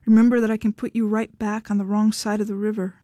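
A woman's voice: mid-range voice, quick pace, dry recording, clean studio sound, close to an everyday voice. A woman reading the part of a tough, blunt wife who speaks firmly and with exasperation. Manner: firm, exasperated, flat.

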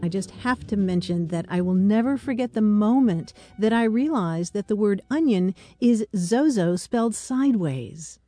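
A woman's voice: mid-range voice, lively intonation, normal speed, few pauses, warm tone, faint music behind. A woman hosting a call-in radio show, taking calls in a light, amused way. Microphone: studio mic.

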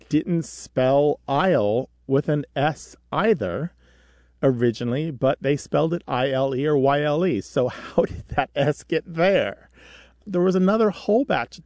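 Chatty radio host, dry studio sound. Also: male voice, on the high side, creaky, no echo. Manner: chatty, explains word history in a lively storytelling way. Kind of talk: call-in radio chat. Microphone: studio microphone.

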